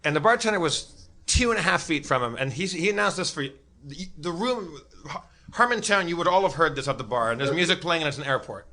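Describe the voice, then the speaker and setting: A man with a fairly high, bright, ringing voice, rambling through a story on a live comedy podcast. He curses freely and keeps stumbling over restarts before finding his point. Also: animated, brisk. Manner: rambling, profane, stammering restarts. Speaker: podcast regular. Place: live show on stage.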